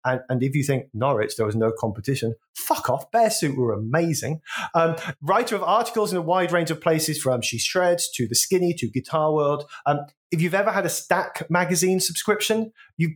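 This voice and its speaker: A man's voice: a little high, moderate pace. A man hosting a music podcast, chatty and jokey, introducing his guest and asking questions. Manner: chatty, jokey, self-deprecating. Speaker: podcast host. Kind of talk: casual chat.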